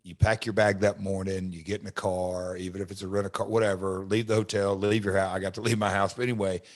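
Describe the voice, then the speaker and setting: A middle-aged man with a fairly low voice hosts a podcast, recalling backstage life in a reflective, halting manner. He talks casually. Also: flat delivery. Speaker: podcast host and wrestler.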